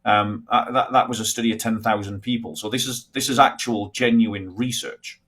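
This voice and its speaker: A British man with a fairly low voice speaks in a measured, unhurried way. He chats casually on a livestream, slipping in dry jokes. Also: steady tone, a bit bright, breathy edge. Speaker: livestream guest.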